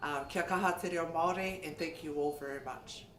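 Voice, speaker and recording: A man giving a short, humble thank-you speech, halting and full of fillers. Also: on the high side, fairly even intonation, fairly bright tone. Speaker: award acceptance speaker. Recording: echoey room with faint noise.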